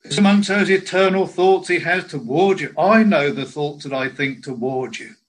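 A man preaching a sermon in a slow, earnest way, quoting scripture in old biblical language. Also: a little high, rough recording.

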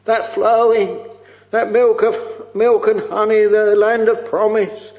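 A man preaching a sermon with a slow, fervent, drawn-out delivery and frequent sighing "oh"s. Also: high voice, steady tone, long reverb tail, lo-fi sound.

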